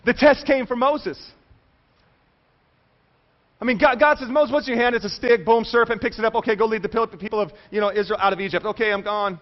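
Male preacher, high voice, acts out the characters in his sermon; muffled lo-fi sound. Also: fairly quick. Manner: animated storytelling, acting out quoted voices. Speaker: pastor.

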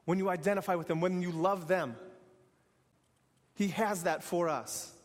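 A man's voice: high voice, steady tone, normal speed, long reverb tail. A man preaching an earnest sermon in repeated, building phrases. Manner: earnest, repetitive, building to exhortation.

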